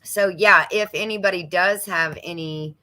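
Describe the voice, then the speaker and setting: A woman's voice: lowish voice, moderate pace, sharp tone, dry recording. A woman co-hosting a casual live-stream craft chat, laughing often and greeting viewers by name.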